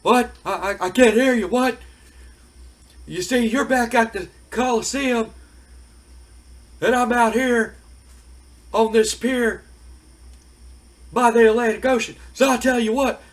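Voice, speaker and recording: A man putting on a brash male wrestler who taunts loudly, drawling and stammering. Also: sits high, slow pace, pauses often, voice pushed up, heavily acted. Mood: mocking loud.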